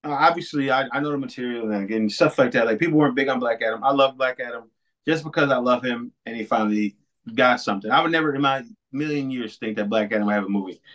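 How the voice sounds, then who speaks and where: A man co-hosting a podcast in casual chat, animated, swearing a lot and laughing often. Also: mid-range voice, quick pace, poor audio. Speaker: podcast co-host.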